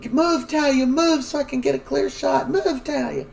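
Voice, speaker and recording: A man voicing a female police officer who shouts orders in a high, strained voice. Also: steady tone, normal speed, creaky. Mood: shouting commands.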